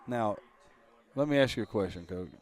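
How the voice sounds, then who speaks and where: A man's voice: fairly low pitch, expressive, moderate pace, darkish tone. A man giving live football color commentary, teasing and bantering with his partner.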